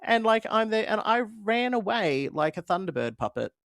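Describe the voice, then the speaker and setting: A man with a gravelly, creaky voice co-hosting a podcast in casual chat. He tells self-mocking stories playfully. The sound is dry and close. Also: sits high, sing-song, normal speed, a bit bright, dry recording. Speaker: podcast co-host.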